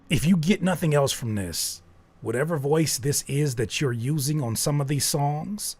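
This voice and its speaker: A man hosting a live stream, reviewing listeners' songs with candid, joking critique and thinking aloud as he goes. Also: medium pitch. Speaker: host reviewing listener music. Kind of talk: live music feedback stream.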